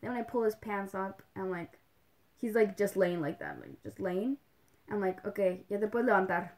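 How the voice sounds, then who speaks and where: This young woman's voice is warm and mid-range, and she keeps a moderate pace while hosting a livestream. It's rambling, casual chat with many "like"s, little laughs, and occasional Spanish phrases.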